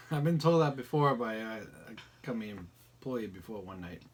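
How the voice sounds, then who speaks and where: A woman's voice: rumbling low, lively intonation, moderate pace, husky. A woman co-hosting a podcast in casual chat, laid-back and trading dry quips. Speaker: podcast co-host.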